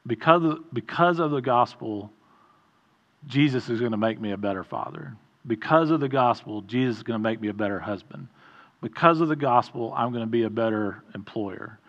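A man's voice: mid-range voice, animated, moderate pace, highs cut off. A middle-aged man preaching an informal sermon in a conversational way, often stopping, restarting and adding asides.

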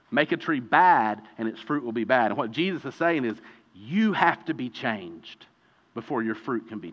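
A man preaching a sermon, animated and emphatic, slowing down dramatically to stress his points. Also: on the high side. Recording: dull reverberant hall recording.

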